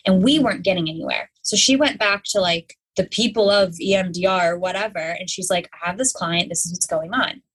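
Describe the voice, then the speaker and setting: A woman's voice: lowish voice, brisk, few pauses, breathy edge, low-quality recording. A young adult woman speaking as a podcast guest, telling her story openly and acting out her own inner voice. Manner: open and animated, acts out her own inner voice. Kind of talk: candid conversational storytelling.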